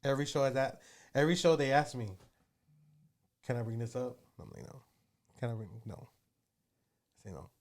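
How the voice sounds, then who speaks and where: A man's voice: mid-range voice, expressive, fairly quick, long pauses, a little mellow. A man, telling stories as an interview guest, rambling with many fillers. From Texas. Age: 30s. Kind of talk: casual storytelling.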